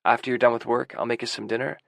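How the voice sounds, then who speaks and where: A deep-voiced carpenter, quiet and a bit halting, earnest in his awkwardness, as a male narrator plays him. The voice carries a gravelly texture and sounds dry and close to the mic. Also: flat delivery, dry recording. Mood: gentle.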